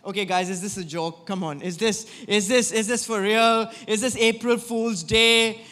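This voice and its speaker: Brief: man putting on a disbelieving young woman, unsure and halting, reverberant room. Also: high voice, steady tone, pushed and bright. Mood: doubtful. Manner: disbelieving, hesitant. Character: stunned, doubtful young woman.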